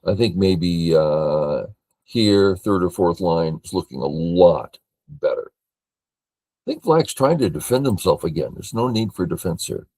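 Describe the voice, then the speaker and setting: Thinking aloud in a matter-of-fact way, an older Californian man teaches his way through a board game review. His somewhat low, expressive voice has a dark tone and a very slow pace, captured in a dry, close recording.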